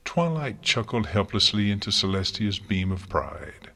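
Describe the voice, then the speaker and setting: A man narrating an audiobook in a measured, reflective way. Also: lowish voice, big pitch swings, creaky, pushed and bright.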